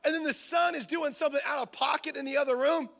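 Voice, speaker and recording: A man preaching a sermon in a church, animated, acting out little scenes and shouting for emphasis. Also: very high voice, fast talker, vocal fry. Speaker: pastor.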